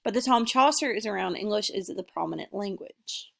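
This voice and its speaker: A young woman giving a class presentation, reading her points in an earnest, measured way. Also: mid-range voice, creaky, fairly bright tone. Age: young adult. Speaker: student presenter. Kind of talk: class presentation, read from notes.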